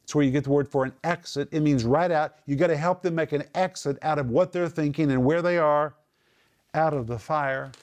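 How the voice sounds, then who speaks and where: A man teaching from the Bible, explaining Greek words with emphatic, drawn-out stress on key phrases. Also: fairly high pitch, a little mellow.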